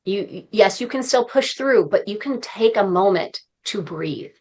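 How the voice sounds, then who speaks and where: A woman's voice: mid-range voice, lively intonation, moderate pace, a little mellow. A woman guest on a podcast, with a mid-range voice. She talks earnestly and from the heart. Her tone stays encouraging throughout. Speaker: podcast guest, speaker and coach. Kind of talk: conversational interview.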